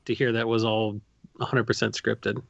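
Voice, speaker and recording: A man's voice: on the low side, flat delivery, normal speed, vocal fry, highs cut off, background noise. A man co-hosting a podcast, speaking casually and reflectively. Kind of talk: casual interview talk.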